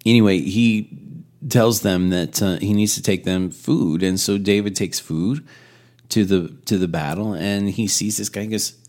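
A man teaches scripture in a relaxed, chatty sermon style. He retells the story with offhand asides and quick self-corrections. His voice sits on the low side. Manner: casual, storytelling with asides and restarts. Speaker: Bible teacher.

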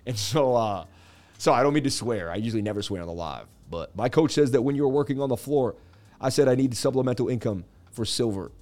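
A man's voice: mid-range voice, brisk, darkish tone, faint music behind. Jokey man hosting a market livestream. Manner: joking, chatty, reads viewer comments aloud. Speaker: crypto livestream host. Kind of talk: casual livestream market commentary.

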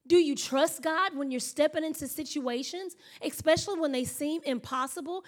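A woman pastor preaching a sermon in an animated storytelling manner, acting out her own thoughts and laughing often. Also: high voice, normal speed.

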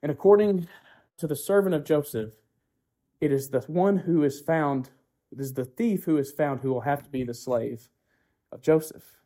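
A man's voice: a little high, moderate pace, mellow. A man preaching a sermon who keeps asking the congregation rhetorical questions, often tagging "right?", and builds his points through repetition.

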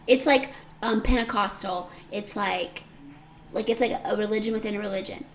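A woman co-hosting a podcast in casual chat, blunt and joking in quick banter. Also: mid-range voice, a little hiss or hum. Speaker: podcast co-host.

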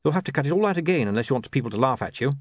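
A man's voice: mid-range voice, lively intonation, very fast, no room sound, pitched above the performer's own voice, close to an everyday voice. A man voicing an earnest, flustered young writer who talks politely and hesitantly.

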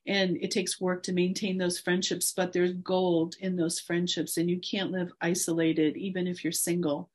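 A woman in her forties, a guest in an interview, speaking earnestly and encouragingly about her faith with soft laughs. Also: fairly low pitch, little pitch movement, normal speed, few pauses.

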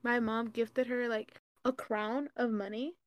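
A young woman co-hosting a podcast, telling stories in casual chat, animated and swearing freely. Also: a little high, unhurried, no room sound. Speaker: podcast co-host.

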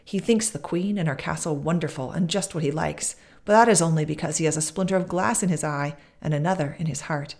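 A woman reads as a tiny, wise old woman of the far north. She speaks brisk and stern, keeping her counsel in a low voice. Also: darkish tone. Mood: hushed.

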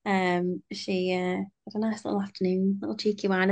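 A young woman from the UK co-hosts a laid-back podcast. She chats her way through her week and pads it with plenty of ums and little asides. Her pitch sits in the middle range for a woman. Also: little pitch movement, fairly quick. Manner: chatty, rambling with many fillers. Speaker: podcast co-host. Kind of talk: casual chat.

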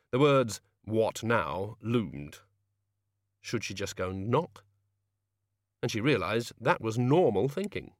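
A man reading a fantasy novel aloud as narrator, in measured, even storytelling. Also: lowish voice, no room sound, studio quality. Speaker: audiobook narrator. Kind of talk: scripted narration.

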